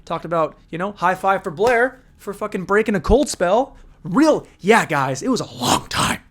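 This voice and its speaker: A man's voice: high-pitched, animated, normal speed, fairly bright tone. A man hosting a solo comedy podcast, ranting crudely and energetically. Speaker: podcast host.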